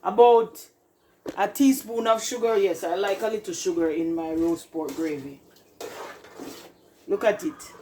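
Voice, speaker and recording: This cooking channel host is a Jamaican-accented woman filming in her own kitchen, speaking at a medium pitch, a little slowly, with frequent pauses and a mellow tone. The low-quality recording carries a slight hiss or hum. She chats away to "people" watching and repeatedly urges them to look at the food, saying "look at that."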